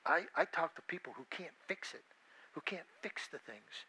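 Bright-voiced man preaching casually. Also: on the high side, lively intonation, normal speed, slightly rough, rough recording. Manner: conversational, with repeated restarts and asides to the listeners. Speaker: hospital chaplain preaching. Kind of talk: informal sermon.

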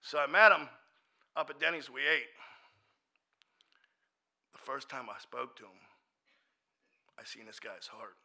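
A man's voice: mid-range voice, a little slow, gravelly, long pauses, bright, forceful tone. A man who works in addiction ministry, telling a personal testimony in an earnest, casual, plainspoken way.

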